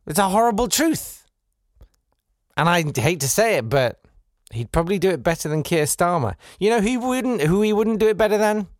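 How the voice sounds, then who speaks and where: A man hosting a comedy podcast, delivering a sardonic satirical monologue, swinging between loud bursts and quiet asides. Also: high voice, lively intonation, normal speed, dry recording, studio quality.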